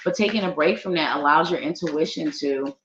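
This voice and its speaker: A woman's voice: low-pitched, fairly quick, a little hiss or hum. A middle-aged woman, a psychic giving a casual, playful live-stream tarot reading and chatting with viewers. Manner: animated, playful, chatty, talks to viewers as y'all. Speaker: psychic reader. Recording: roomy, dull lo-fi stream audio.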